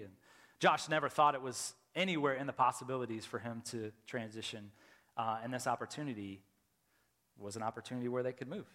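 A middle-aged man, a lead pastor preaching a sermon, telling a personal story and loudly acting out his own reactions. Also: mid-range voice. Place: church sanctuary. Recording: church hall with long reverb.

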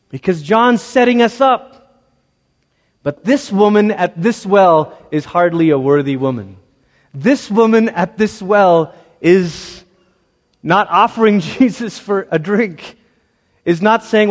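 Male pastor, high voice, chatty storytelling sermon, acts out quotes, big hall reverb. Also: a little slow.

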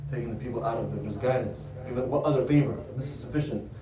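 Background noise accompanies a man with a medium-pitched voice who talks at a quick pace. He's giving a religious lesson, recounting a story and supplying answers to his own rhetorical questions, and the far-off microphone makes it sound roomy.

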